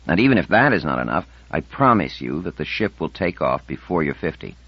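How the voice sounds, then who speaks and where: A man's voice: extremely low pitch, sing-song, brisk, breathy edge, no room sound, full character voice. A man reading an audiobook, voicing a confident, persuasive woman scientist in her fifties. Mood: determined. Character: confident, determined woman scientist over fifty. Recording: dull dry audiobook recording.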